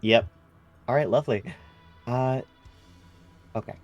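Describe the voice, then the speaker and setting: A man's voice: mid-range voice, measured pace, muffled recording, faint music behind. A man playing a tabletop game in casual chat, polite and easygoing. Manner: polite, keeps saying lovely. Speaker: player.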